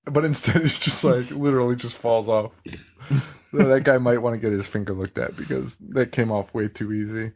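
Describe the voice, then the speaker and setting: Laughing, animated male podcast host. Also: medium pitch, fairly quick. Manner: laughing, animated, swearing freely. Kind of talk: casual movie-review chat.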